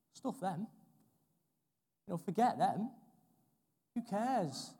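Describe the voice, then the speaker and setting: A young man delivers an earnest sermon, repeating key phrases for weight. His voice sits a touch high yet sounds dark and mellow. The recording carries a long reverb, as in a large church. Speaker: preacher.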